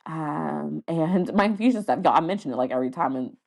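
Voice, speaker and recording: A woman's voice: low-pitched, animated, a little fast, gravelly, a little mellow. A woman, hosting a casual solo podcast and telling stories with playful quoted voices. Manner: chatty storytelling with frequent laughs and playful quoted voices. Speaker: podcast host.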